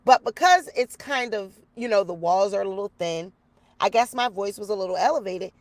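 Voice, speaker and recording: A woman's voice: medium pitch, a little fast, dry recording. A woman telling a story to her viewers in a casual, chatty way, recorded outdoors. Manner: chatty, animated storyteller addressing viewers as y'all. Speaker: YouTuber. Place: outdoors in the rain.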